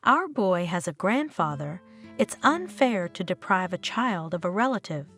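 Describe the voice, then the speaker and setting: A woman reading the lines of a gentle, worried young husband in a story. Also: fairly low pitch, very animated, normal speed, soft background music. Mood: pleading.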